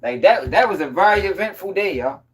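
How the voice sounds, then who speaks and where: A tired young man hosting a late-night livestream, chatting with viewers in a casual, profane, animated way. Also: high-pitched, fairly quick, husky. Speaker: livestream news commentary host.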